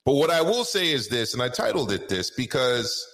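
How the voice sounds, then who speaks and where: A man's voice: mid-range voice, sing-song, normal speed, fairly bright tone, reverberant. A man co-hosting a casual boxing talk show, stretching names out in a sing-song way for emphasis.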